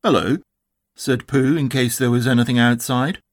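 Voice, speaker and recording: A man narrating a children's storybook in a calm, measured, expressive way. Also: mid-range voice. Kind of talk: storybook reading.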